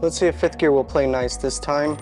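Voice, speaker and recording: A home mechanic channel host talks through a repair step by step as he works, chatty and quick to poke fun at himself, even muttering to himself mid-task. His voice is a little high and darkish, with fairly even intonation and a brisk pace. Faint music plays in the background.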